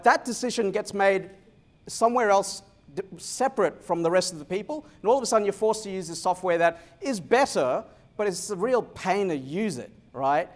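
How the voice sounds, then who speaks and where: A middle-aged man giving a live keynote talk, telling stories with quick jokes. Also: high-pitched. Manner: energetic storytelling with quick jokes. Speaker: keynote speaker.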